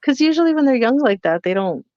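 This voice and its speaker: A middle-aged woman co-hosting a podcast, telling animated stories about her son and quoting what each of them said. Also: high-pitched, fast, a crowd in the background. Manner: animated storytelling, quotes herself and her son. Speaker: podcast co-host. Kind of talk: casual chat. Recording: dull lo-fi podcast mic.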